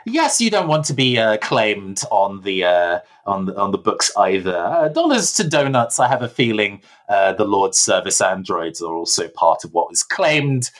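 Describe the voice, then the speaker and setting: A man's voice: on the low side, very animated, moderate pace, hardly any pauses. A man playing a scheming adult man who talks his way through a getaway, breezy and wry.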